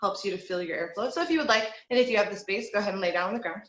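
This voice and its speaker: Female voice coach leading warm-ups from home; encouraging, instructive read, recorded in a reverberant room with heavy noise. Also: medium pitch, animated, racing, highs cut off. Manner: encouraging, instructive, counts aloud. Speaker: vocal teacher. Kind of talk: online singing lesson, guiding breathing exercises.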